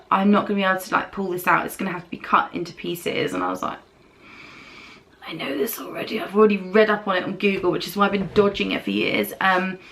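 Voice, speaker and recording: A young British beauty vlogger tells a rambling story as she does her makeup, voicing other people's lines along the way in a chatty get-ready-with-me style. Her mid-range voice is creaky with a fairly bright tone, and there's slight background noise.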